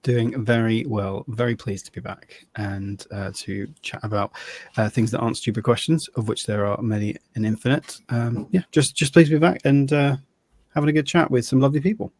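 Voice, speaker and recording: A man's voice: medium pitch, fairly even intonation, fairly quick, a little mellow, no echo. A man co-hosting a podcast in casual chat, friendly and earnest. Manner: friendly, earnest, with fillers and restarts. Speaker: podcast co-host.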